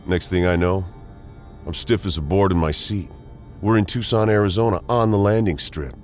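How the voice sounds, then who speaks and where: A man's voice: sits low, normal speed, darkish tone, faint music behind. A man narrating a first-person paranormal story with a tense, dramatic delivery.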